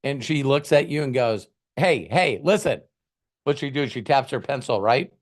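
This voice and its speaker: A man's voice: medium pitch, a little fast. A man hosting a casual motivational talk, rambling conversationally and acting out little scenes. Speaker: host, motivational coach.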